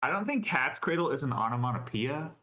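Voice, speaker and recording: A man's voice: medium pitch, very animated, brisk, sharp tone. A man, a podcast co-host, trading dry, sarcastic quips during improv comedy scenes.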